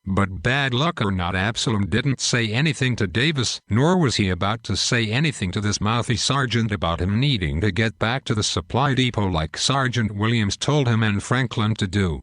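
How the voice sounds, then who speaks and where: Low-voiced man reading war fiction aloud, dry booth sound. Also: lively intonation, normal speed, hardly any pauses, a bit bright, no echo. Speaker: narrator. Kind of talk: scripted story narration.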